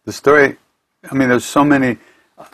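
Man, husky voice, casual storytelling, restarts sentences, online talk from home. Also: medium pitch, fairly even intonation, brisk, fairly bright tone. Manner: rambling, repeats himself, restarts sentences. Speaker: spiritual teacher hosting an online gathering. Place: his home. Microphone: home computer mic for an online event.

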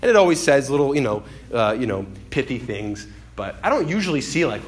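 A man preaching a sermon in an animated way, acting out the voices he quotes and swinging between loud and hushed delivery. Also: mid-range voice, brisk, few pauses. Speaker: pastor.

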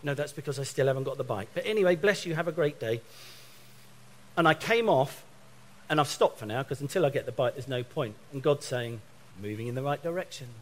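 A middle-aged man from England delivers a sermon in an animated storytelling way. He slips into other people's voices as he acts out phone conversations. His voice sits at an ordinary pitch for a man. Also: fairly quick. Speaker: preacher.

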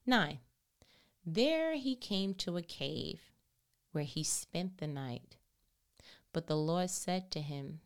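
Smooth-voiced woman reading and riffing on scripture. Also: low-pitched, slow, long pauses. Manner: reads verses aloud, calling out verse numbers; animated, playful commentary with slang. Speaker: podcast host. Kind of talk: Bible reading and commentary.

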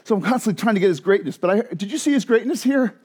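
High-voiced man preaching with dramatic swings. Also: expressive, very fast, husky. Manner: passionate, dramatic swings from hushed to loud; frequent laughs and restarts. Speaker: pastor. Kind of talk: sermon.

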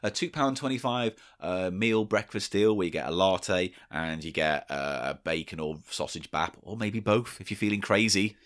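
A man's voice: sits low, animated, moderate pace, few pauses, a bit bright. A man co-hosting a comedy podcast, bantering crudely and laughing often. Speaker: podcast co-host. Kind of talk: casual comedy podcast chat.

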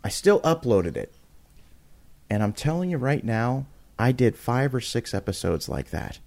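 This podcast guest, a man, takes his time and speaks with vocal fry as he tells a casual, animated story. He repeatedly backs up to restart or repeat words, and acts out quotes with sharp leaps in pitch.

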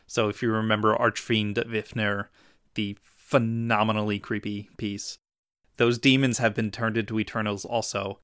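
A male podcast co-host talks eagerly in casual chat, with a bright, crisp voice. The sound is dry and close to the mic. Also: fairly low pitch, little pitch movement, moderate pace, no room sound. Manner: enthusiastic, descriptive, with fillers.

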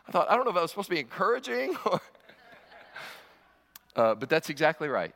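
A man's voice: high voice, sing-song, normal speed, long pauses, pushed and bright. A man preaching a sermon as pastor, mixing teaching with storytelling and stammered restarts. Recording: long hall reverb.

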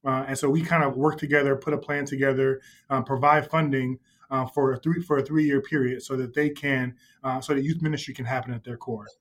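A man who is a podcast guest telling a camp story in casual chat, animated, with lots of fillers and laughter. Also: medium pitch, brisk, few pauses. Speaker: youth ministry leader, podcast guest.

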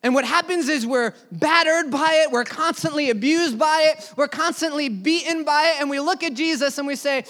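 A young man preaching a sermon, telling a personal story earnestly, his voice dropping low and soft then rising loud. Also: moderate pace, few pauses.

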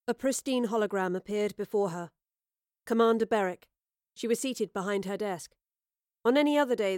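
A woman narrating an audio drama in a measured, expressive storytelling manner on a close studio mic. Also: mid-range voice, no echo.

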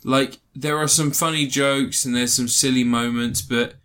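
A man's voice: mid-range voice, fairly even intonation, normal speed, a bit bright, smooth. A young man co-hosting a podcast, rambling through a film summary with many restarts and fillers. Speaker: podcast co-host reviewing a film. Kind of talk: casual chat.

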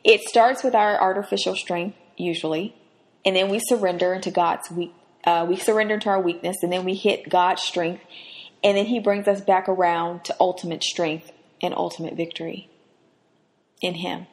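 A woman's voice: fairly low pitch, fairly even intonation, moderate pace. A woman hosting a podcast, giving an earnest, emphatic devotional Bible teaching. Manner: earnest, emphatic, rises sharply when acting out quotes.

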